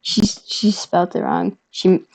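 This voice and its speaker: A woman's voice: fairly low pitch, little pitch movement, unhurried, gravelly, darkish tone, rough recording. A woman vlogger telling a personal story in a casual, rambling way, often correcting herself.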